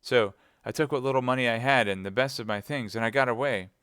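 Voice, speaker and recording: A frightened young chambermaid, put on by a male reader in a lifted, breathy register. She begs and pleads. The voice stays smooth and clear, close to the microphone in a dry space. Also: quick pace, a bit bright, dry recording, natural voice. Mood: anxious. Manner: pleading, breathless, high-pitched. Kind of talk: audiobook reading live.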